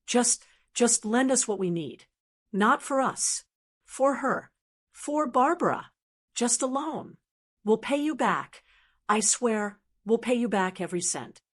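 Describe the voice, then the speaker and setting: A woman doing a frantic, stammering daughter-in-law. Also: on the high side. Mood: begging. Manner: shrieking, pleading, stammering.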